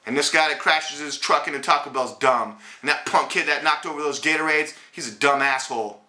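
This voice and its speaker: Blunt, indignant man ranting, bright voice. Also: fairly high pitch, brisk, roomy sound. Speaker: host of a political commentary show. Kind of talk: ranting political commentary.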